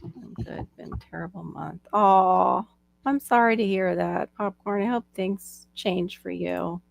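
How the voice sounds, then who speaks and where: A woman with a Northeast US accent hosts a casual live stream, talking in loose runs full of restarts and quick laughs. Her voice has a gravelly, fried edge. The sound is dry and close, with no room around it. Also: medium pitch, steady tone, no echo. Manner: chatty, laughs often, trailing restarts.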